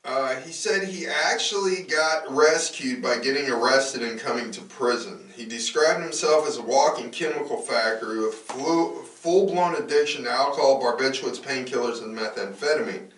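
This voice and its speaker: A man's voice: medium pitch, normal speed, few pauses, fairly bright tone, far from the mic. Rambling male podcast host, roomy sound. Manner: loose and rambling, frequent fillers and restarts. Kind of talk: casual podcast chat.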